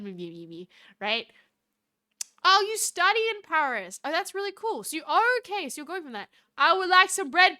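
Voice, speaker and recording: A woman's voice: fairly high pitch, bright, forceful tone. A young Australian woman chatting casually on a live stream, giggly and reading chat aloud. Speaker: VTuber streamer.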